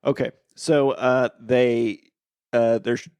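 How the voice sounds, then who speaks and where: A man's voice: medium pitch, fairly even intonation, slow, a little mellow, clean tone, no room sound. A man co-hosting a podcast, recapping a movie in casual chat, joking and teasing with frequent laughs. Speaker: podcast co-host.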